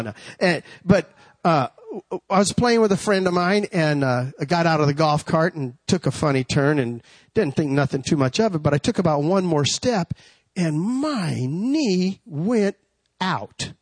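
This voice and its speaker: A man preaching with a slightly high voice, recorded dry and close. He swings from long, ringing cries of praise down into a low, folksy, chatty way of telling a story, laughing at himself along the way. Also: no room sound. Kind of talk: sermon with a told story.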